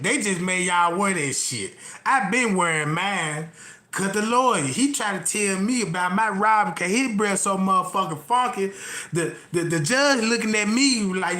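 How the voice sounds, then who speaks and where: A man ranting comically to his live chat, telling a rambling, profane story full of repeated asides and swinging between loud outbursts and low mutters. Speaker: livestream host. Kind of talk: comedic rant to a live chat. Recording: roomy echo.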